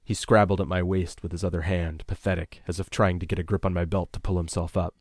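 A man narrating a tense first-person story in a measured, scripted reading. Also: deep voice, level tone, dry recording, studio quality. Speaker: audiobook narrator.

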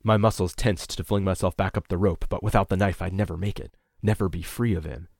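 A man narrating a tense first-person story in a measured, scripted reading. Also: deep voice, fairly even intonation, vocal fry, darkish tone, no echo, clean studio sound. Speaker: audiobook narrator.

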